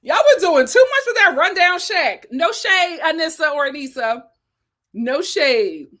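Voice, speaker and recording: A young woman with a high voice hosts a casual live stream. She talks in a chatty, animated way, reads out viewer comments, thanks people by name and laughs often. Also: measured pace. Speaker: live-stream host reviewing a reality show.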